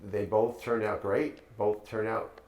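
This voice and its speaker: A middle-aged man, a guest on a casual podcast, giving fatherly advice in a measured, hesitant way. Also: fairly low pitch, little pitch movement, darkish tone, echoey room.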